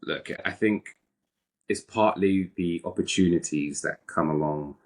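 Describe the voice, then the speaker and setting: A British man with a very low voice talks openly in an interview. He is animated and frank, and he often repeats his opening words before he finishes a thought. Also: measured pace. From Britain. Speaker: actor, guest. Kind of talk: candid interview conversation.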